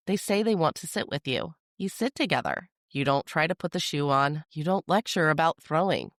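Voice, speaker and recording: A parenting podcast host giving a calm, measured, scripted explainer with a steady delivery. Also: medium pitch, no room sound, studio quality.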